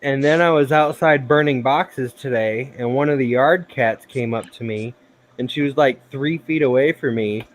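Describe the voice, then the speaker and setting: Man, stream host, casual chat, animated storyteller, does quoted voices. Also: medium pitch, normal speed. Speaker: livestream host.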